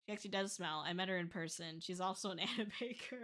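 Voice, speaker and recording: A woman's voice: fairly low pitch, fast, fairly bright tone. A young woman chatting on a livestream as a VTuber, laughing often and swearing casually. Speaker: VTuber streamer.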